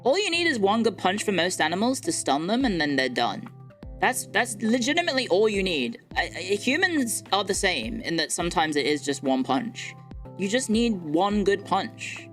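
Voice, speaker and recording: Cocky, lively young woman streamer. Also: medium pitch, moderate pace, faint music behind. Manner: boastful, playful, swears freely. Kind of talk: casual stream chat reading viewer comments.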